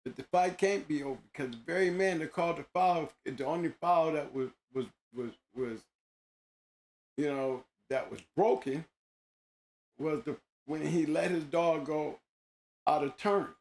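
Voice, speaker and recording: A man's voice: on the high side, a little slow, darkish tone. A man hosting a show, talking casually in an emphatic, slangy way, often repeating himself. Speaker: host. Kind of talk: casual monologue.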